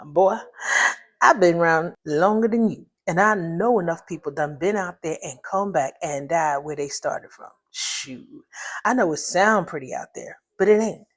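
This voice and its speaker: Story reading: woman voicing a cocky, gruff older man, blunt drawl, lowish voice. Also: normal speed, natural voice. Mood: lecturing.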